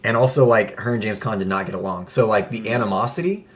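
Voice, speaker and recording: A young man co-hosting a podcast in casual chat, excitable, swearing often and restarting his sentences. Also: lowish voice, fast talker. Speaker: podcast co-host.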